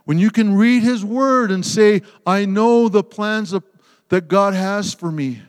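Male preacher, high voice, impassioned sermon delivery, echoing sanctuary. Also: a little slow, smooth. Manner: impassioned, swings from loud emphasis to hushed tenderness. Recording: long hall reverb.

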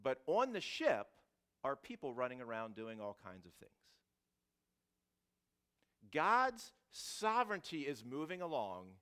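A male pastor preaching a sermon, swinging from loud emphasis to hushed asides, often restarting his phrases. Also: on the high side. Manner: animated, shifting from loud to hushed, frequent restarts.

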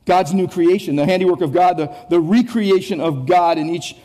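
A man, a pastor, preaches an expository sermon at normal speed in a notably high voice with a soft, mellow tone. His emphasis comes through repeated phrases and frequent mid-thought word restarts, and he speaks to his listeners directly with questions.

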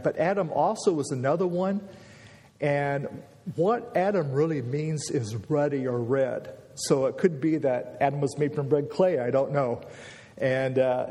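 Male preacher, conversational sermon, mellow voice, long church reverb. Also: on the high side. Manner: conversational, storytelling, acts out scenes.

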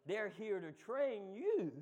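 A man preaching a sermon, moving from quick low asides to loud, shouted call-and-response. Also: very animated.

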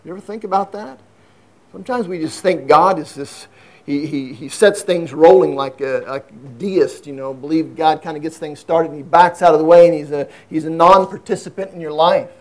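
A man preaching a sermon in an earnest way, swinging from emphatic raised passages to low, quiet asides. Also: normal speed. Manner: earnest, rises to emphatic high peaks then drops low and quiet.

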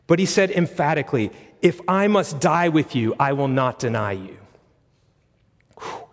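A male pastor preaches in an earnest, conversational way, retelling scenes with lively asides. His voice sits a little higher than most men's. A long reverb trails each phrase, as in a church sanctuary. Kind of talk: sermon.

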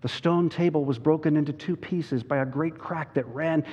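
A man's voice: on the high side, moderate pace, darkish tone, husky. A man preaching a sermon, speaking earnestly and addressing the children directly. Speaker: pastor. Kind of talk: sermon with storybook reading. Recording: dull sound in a large reverberant hall.

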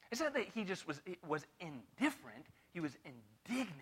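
Male Bible teacher, sermon delivery, higher than usual voice, animated questioning style. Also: normal speed, few pauses, slightly rough. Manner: animated, full of rhetorical questions. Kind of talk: expository sermon to a room. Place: room with a live audience.

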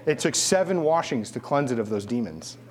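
A middle-aged man preaching a sermon, mixing a humorous personal story with quiet, emphatic repetition. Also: medium pitch, animated, brisk.

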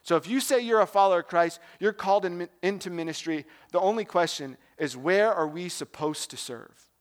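A young man with a notably high voice delivers a relaxed sermon. He talks like he is chatting with friends and keeps checking in with the listeners through questions. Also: a little fast. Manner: conversational, asks the audience questions. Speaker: preacher. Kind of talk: casual sermon.

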